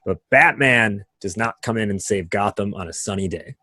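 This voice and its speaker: A man's voice: on the low side, moderate pace, pushed and bright, dry recording. A man hosting a podcast in casual conversation, explaining ideas animatedly with vivid analogies and frequent tag questions. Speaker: podcast host.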